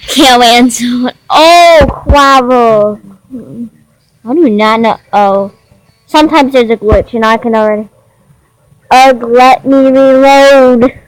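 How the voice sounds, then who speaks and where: Slow, high-voiced excited young woman. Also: poor audio. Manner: excitable, giggly, slow and drawn-out. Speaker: game player. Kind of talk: casual gameplay commentary.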